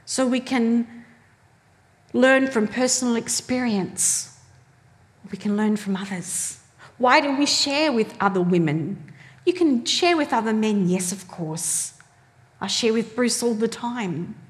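A woman's voice: fairly high pitch, slow. A woman preaching a sermon, telling stories animatedly and acting out the voices she quotes. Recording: long hall reverb.

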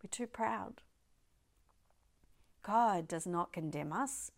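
An older woman giving an emphatic devotional talk, sometimes dropping her voice to a soft whisper. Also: medium pitch, slow, vocal fry. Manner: expressive, piles up words of praise. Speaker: Christian devotional speaker.

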